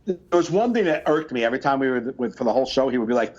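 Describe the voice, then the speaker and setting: A man co-hosting a podcast, chatting casually, telling stories at length with restarts and quick bursts of mimicry. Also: medium pitch, lo-fi sound. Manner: rambling, animated storytelling with impressions. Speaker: podcast co-host. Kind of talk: casual chat.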